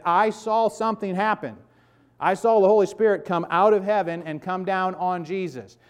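A man's voice: a little high, clear, resonant tone. A man in his fifties preaching a sermon to his congregation, conversational and emphatic, checking in with "okay?" and "right?" asides. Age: 50s. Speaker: pastor.

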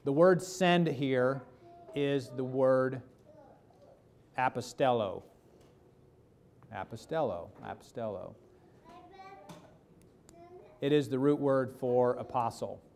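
A man's voice: mid-range voice, fairly even intonation, slow, darkish tone, a little hiss or hum. A man preaching a casual sermon, joking and putting questions to the congregation. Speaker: pastor. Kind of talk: conversational sermon.

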